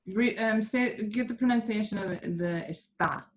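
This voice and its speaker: A woman's voice: medium pitch, normal speed. A woman teaching a Spanish class, patiently explaining grammar step by step.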